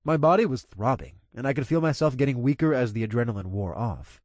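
A man narrating an audiobook with expressive energy, his pitch swinging widely up and down through the action. His voice sits at a middle pitch for a man. The recording is dry and close with no room sound. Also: fast talker, no echo.

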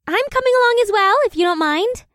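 A man's voice: very high voice, expressive, quick pace, sharp tone, dry recording, studio quality, voice pushed up, full character voice. A man voicing an eager, earnest young woman who is a college student.

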